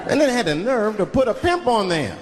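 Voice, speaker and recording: Animated man doing stand-up in a hall. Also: high voice, fairly quick. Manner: lively storytelling, playful voices for characters. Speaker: stand-up comedian. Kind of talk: stand-up comedy routine. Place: large venue with live audience. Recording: live hall recording with crowd noise.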